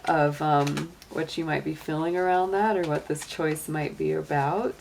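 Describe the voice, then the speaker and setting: A woman's voice: sits low, fairly even intonation, measured pace, gravelly, a little mellow, a little hiss or hum. A middle-aged woman giving a casual tarot reading, chatty and encouraging, with lots of "um" and "you know". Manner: chatty and encouraging, many fillers. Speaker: tarot and astrology reader.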